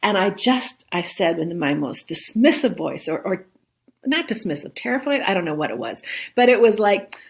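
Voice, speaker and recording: A chatty woman speaks as a guest in a relaxed interview, laughing easily and tagging her points with "right?". Her voice sits in an ordinary middle range. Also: mid-range voice, moderate pace, vocal fry. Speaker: guest, solo travel expert. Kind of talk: conversational interview.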